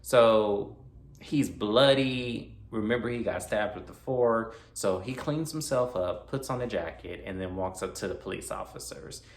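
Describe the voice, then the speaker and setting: A man casually recapping a horror film's plot for his review channel, chatty and animated, talking back to the characters. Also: fairly low pitch, unhurried. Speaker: movie reviewer. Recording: echoey room with faint noise.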